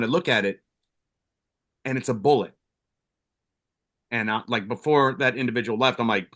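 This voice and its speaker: A man's voice: medium pitch, moderate pace, pauses often, sharp tone. A middle-aged man, a retired first responder co-hosting a support show, telling stories in a blunt, rambling way with frequent profanity and restarts. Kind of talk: casual storytelling.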